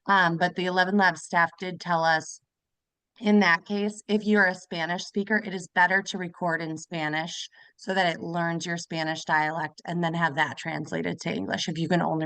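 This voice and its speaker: Smooth-voiced woman on a video call. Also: fairly low pitch, fairly even intonation, normal speed, a bit bright, no echo. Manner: explains steadily with many fillers. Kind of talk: webinar discussion.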